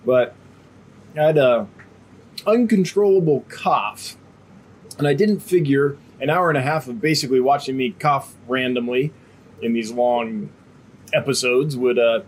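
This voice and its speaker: On a laid-back live stream, a man selling fish rambles chattily, dropping frequent fillers around the cough drop in his mouth and a lingering slight cough. His voice leans high and a bit rough.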